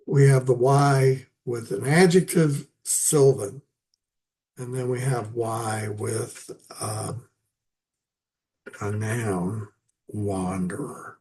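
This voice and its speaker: A man giving a casual, halting lecture on poetry, with many fillers and restarts. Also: medium pitch, fairly even intonation, darkish tone. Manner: halting, many fillers and restarts, chuckles at his own asides. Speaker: literature teacher.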